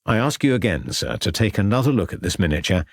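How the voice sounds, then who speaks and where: A man's voice: fairly low pitch, sing-song, quick pace, no echo, studio quality. A man voicing a courteous, persistent Victorian police inspector who questions in a formal, polite way. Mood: probing.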